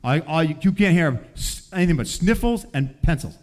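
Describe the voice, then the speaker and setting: A man who teaches, telling a faith testimony about his class with lively storytelling and acted quotes, often dropping soft and low. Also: moderate pace.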